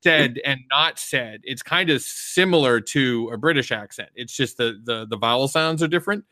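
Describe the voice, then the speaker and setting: A man talking casually in a podcast discussion, animated and rambling with restarts. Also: medium pitch, moderate pace, no room sound. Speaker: podcast co-host. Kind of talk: casual chat.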